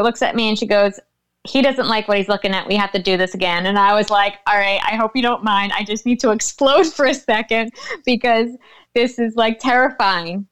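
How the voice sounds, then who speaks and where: Young woman, podcast guest, clear smooth voice, lively storyteller who acts out quotes. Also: a little high. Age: young adult. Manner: animated storytelling, laughs often, acts out quotes. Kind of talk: casual chat.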